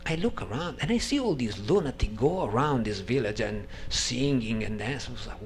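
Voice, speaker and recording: A man's voice: medium pitch, normal speed. A man whose first language is not English tells a personal story to a gathering, acting out the voices of the people in it. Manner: animated, acts out voices of people in his story. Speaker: speaker sharing a personal testimony.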